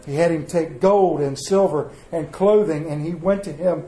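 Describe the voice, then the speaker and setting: A man's voice: on the high side, moderate pace, dark tone, reverberant, rough recording. A man preaching a sermon in a folksy storytelling way, acting out the voices in his stories. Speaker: pastor. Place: church.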